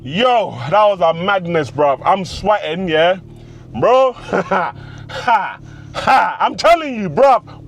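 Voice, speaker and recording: A young man, a car vlogger boasting loudly in street slang as he drives country roads, his voice going hoarse. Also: sits high, animated, takes it slowly. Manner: boastful, loud bursts of hype, street slang. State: losing his voice. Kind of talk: excited in-car commentary. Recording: car noise behind the voice.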